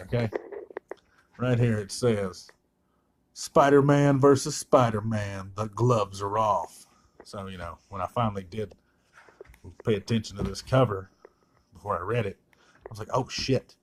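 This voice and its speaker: A man's voice: on the low side, slight background noise. A man reviewing a comic in a casual, sarcastic and blunt way, swearing freely.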